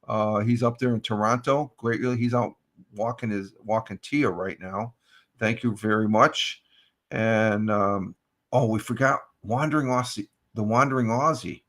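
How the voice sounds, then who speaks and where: A man's voice: on the low side, steady tone, a little slow, a bit bright. A man hosting a casual morning live stream, thanking viewers by name in a rambling way with many ums and uhs.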